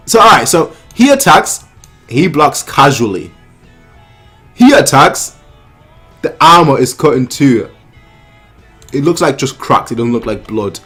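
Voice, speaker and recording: A man hosting a manga reaction, reading panels aloud and commenting excitedly, often repeating himself. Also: a little slow, pauses often, slightly rough, soft background music. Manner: excitable, repeats himself, reads dialogue in a lower voice.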